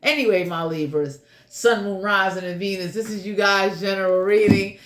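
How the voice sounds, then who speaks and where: A woman's voice: medium pitch, fairly even intonation, normal speed, echoey room. A woman giving a casual general tarot reading in a blunt, crude, joking way, swearing freely. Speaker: tarot reader.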